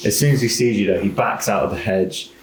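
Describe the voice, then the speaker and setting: Low-voiced male dungeon master, casual narration, echoey room. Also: fast talker. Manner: relaxed descriptive narration with fillers like "like". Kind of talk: narrating a tabletop game. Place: rented lodge room. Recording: echoey room with faint noise.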